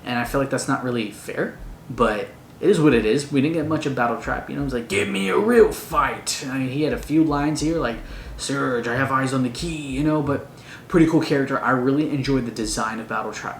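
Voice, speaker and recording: A man giving a casual, excitable spoiler review of a movie, gushing like a fan and using slang. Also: mid-range voice, fast talker. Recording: roomy echo, faint noise.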